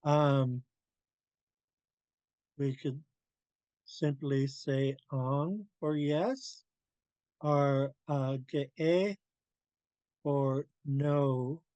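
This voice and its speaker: A man teaching a language class, drilling pronunciation slowly and carefully and laughing often. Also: medium pitch, steady tone, dark tone, no echo.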